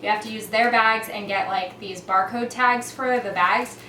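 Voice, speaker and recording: A woman talks casually to her camera in her own kitchen, rambling along and often letting her voice drop soft and quiet. The room rings with echo, and she sounds a few steps from the mic, with a faint hum of room noise behind her. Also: mid-range voice, fairly even intonation, moderate pace. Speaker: cleaning vlogger. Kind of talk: casual chatty vlog narration. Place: her home kitchen, indoors. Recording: echoey kitchen, mic at a distance.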